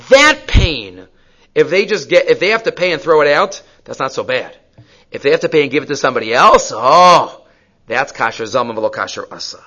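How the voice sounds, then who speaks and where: Animated man teaching a Torah class. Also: fairly high pitch. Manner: animated storytelling, rhetorical questions; mixes Hebrew and Yiddish terms into English. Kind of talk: weekly Torah portion class. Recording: dull lo-fi recording.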